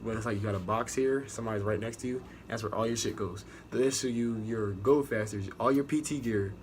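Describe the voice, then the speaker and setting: A young man with an American accent talks straight to the camera, swearing freely and doubling back on himself as he tells his story. His voice sits a little low, and a faint hiss of noise runs under it. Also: a little fast. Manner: profane, rambling, restarts a lot. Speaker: navy recruit sharing experience. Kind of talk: casual storytelling vlog.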